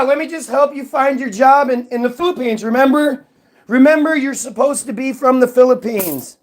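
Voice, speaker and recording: A man in a casual ranting monologue, mocking and profane, answering chat. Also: extremely high pitch.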